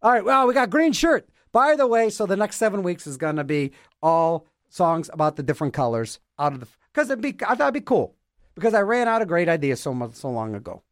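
A man with a high, lively voice that leaps all over its range, hosting his own show and rambling through a goofy comic monologue. He stumbles over words, repeats them and argues back at himself, and the sound is close and completely dry. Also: fairly quick, no echo. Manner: playful, self-mocking, trips over words and repeats them; talks to himself in back-and-forth mock dialogue. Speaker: radio show host.

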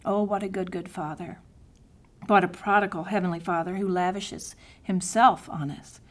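A middle-aged woman giving a devotional Bible teaching in an earnest manner, dropping to soft, near-whispered tones for prayers and scripture. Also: fairly low pitch, fairly even intonation, moderate pace.

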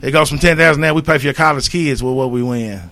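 A middle-aged man talking earnestly on a radio show, urging listeners and swinging from loud appeals to quiet, low moments. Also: quick pace, creaky. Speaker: community organizer and guest. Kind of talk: heartfelt radio talk.

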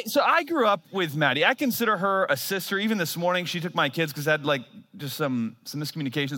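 A man in his thirties preaching in a church, spinning a lively, self-mocking story for the congregation. His voice is bright and ringing and sits a little high for a man. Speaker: pastor. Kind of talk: sermon with storytelling.

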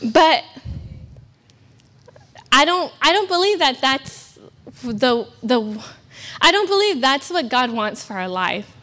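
A woman's voice: high-pitched, very animated, slow pace, pauses often, bright, forceful tone. A young woman from California preaching a sermon at a church service, earnest and emphatic with self-deprecating asides. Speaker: guest preacher.

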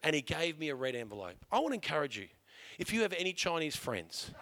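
Aussie pastor guy, high voice, dry close sound, animated storytelling sermon. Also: fast, dry recording. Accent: Australian.

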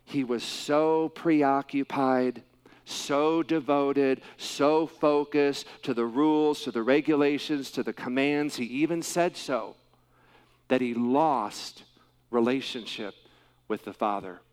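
A male pastor giving a sermon, speaking emphatically with dramatic pauses and wide swings in loudness. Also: mid-range voice, clear, resonant tone.

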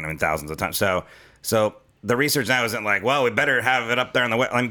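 A man with a fairly low voice and a bright, forceful edge talks at a rapid clip. He is a comedian hosting a casual podcast chat, rambling through stories, swearing and dropping into quick impressions of other people. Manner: fast rambling storyteller, swears, does voices. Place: Los Angeles.

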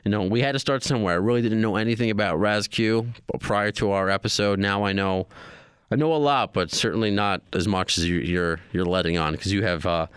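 A man's voice: fairly low pitch, fairly quick, a bit bright, clean tone, no echo, studio quality. A man hosting a podcast in a casual chat, asking questions as a friendly, enthusiastic interviewer. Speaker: podcast host.

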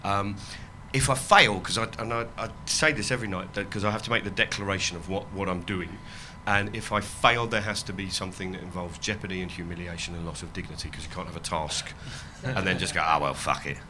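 A comedian and activist guest talks loosely in a casual chat, his crisp, bright voice steady and a little fast with hardly any pauses. He laughs often, swears freely and lowers his voice when quoting others. Faint ambient sound and a bit of hiss or hum sit in the background.

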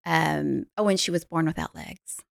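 Woman life coach, podcast guest; animated storyteller with fry, recorded dry and close. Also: low voice, moderate pace, no room sound. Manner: animated storyteller, laughs easily. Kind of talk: podcast conversation.

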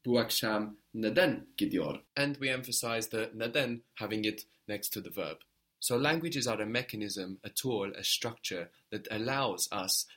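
A man's voice: lowish voice, bright, forceful tone. A man teaching a spoken language lesson, patiently explaining step by step and prompting his learner.

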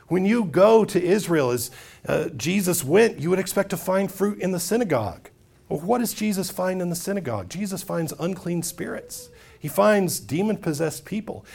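A pastor delivers a sermon. His voice sits fairly high and leaps across a wide range, and it carries a gravelly crackle. He brings the story to life by acting out its characters. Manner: animated, acts out quoted voices.

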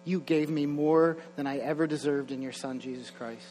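A man's voice: a little high, steady tone, moderate pace, darkish tone. A young man preaching a sermon in a church, conversational, with chuckling asides and rising energy. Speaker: pastor. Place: church sanctuary. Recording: long hall reverb, faint mains hum.

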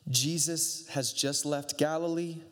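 A man's voice: fairly high pitch, steady tone, slow, fairly bright tone. A man preaching a casual, conversational sermon with sarcastic asides, reading and explaining scripture. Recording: long reverb of a hall.

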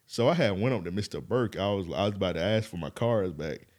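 Man, low voice, podcast co-host, casual storytelling, animated, laughs a lot. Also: fast talker. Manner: animated storyteller, laughs often, swears freely.

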